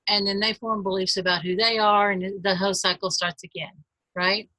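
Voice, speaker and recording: A woman in her fifties, a life coach giving a webinar, earnest and gentle, speaking straight to her listeners. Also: mid-range voice, level tone, normal speed, no echo, low-quality recording.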